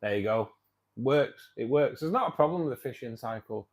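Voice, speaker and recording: A man's voice: medium pitch, lively intonation, moderate pace, rough recording. A middle-aged man hosting a live stream, chatting casually and rambling while reading out viewer comments with frequent laughs. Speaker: livestream host of a fishkeeping club.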